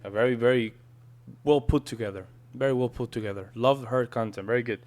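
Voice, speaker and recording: This is casual video-reaction commentary from a man whose first language is Spanish and who comes from a Spanish-speaking country, with "man" cropping up often. His medium-pitched voice is a little mellow and a little fast.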